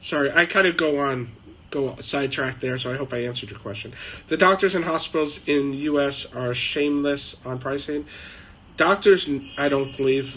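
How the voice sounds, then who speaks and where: A man's voice: mid-range voice, a bit bright, slight background noise, rough recording. A man hosting a casual live chat from his shed, answering viewer questions in a rambling, chatty way with frequent laughs. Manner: rambling, chatty, laughs often, mimics people.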